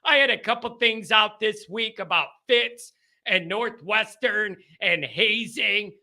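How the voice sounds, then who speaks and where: A man hosting a call-in sports show, talking in an animated, joking, rambling way. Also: sits high, takes it slowly, vocal fry. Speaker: podcast host. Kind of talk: casual call-in show monologue.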